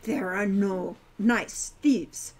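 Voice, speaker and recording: A woman's voice: a little high, big pitch swings, moderate pace, slightly rough, pitched above the performer's own voice. A woman voicing Hilda, prim teen centaur girl. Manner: formal, avoids contractions. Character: prim fourteen-year-old centaur farm girl.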